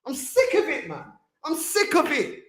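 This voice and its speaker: A man's voice: very high-pitched, wildly swooping pitch, normal speed, fairly bright tone. A man hosting a football fan channel, delivering a heated livestream rant full of street slang. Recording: echoey room.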